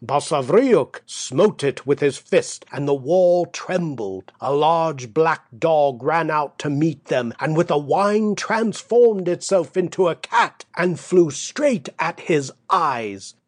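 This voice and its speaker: A man narrating a classic tale for an audiobook, in a measured, dramatic storytelling manner, close to the mic. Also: fairly high pitch, animated, no echo.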